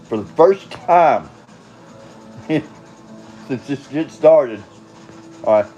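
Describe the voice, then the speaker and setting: A man's voice: mid-range voice, lively intonation, very slow, dark tone, highs cut off, faint music behind. An older man telling his own story in a rambling, casual monologue, blunt and profane, chuckling and drifting off on tangents.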